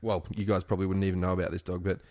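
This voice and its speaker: A man co-hosts a podcast in easy, joking chat. His voice sits a little low, and he breaks into laughter often. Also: little pitch movement, very fast, a little mellow. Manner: jokey, laughs often, drops into silly voices. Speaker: podcast co-host. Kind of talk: casual chat.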